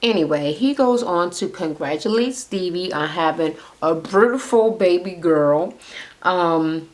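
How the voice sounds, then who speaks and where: Her voice is on the low side but animated, delivered at a measured pace. It's a woman addressing the camera as she recaps a reality show, chatting casually with plenty of profanity and a blunt, sarcastic edge.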